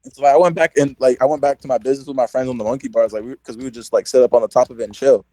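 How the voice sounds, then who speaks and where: Young male podcast host, casual, animated storyteller, dry close sound. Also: mid-range voice, very fast, no echo, low-quality recording. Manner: animated storyteller, heavy "like" filler, acts out quotes.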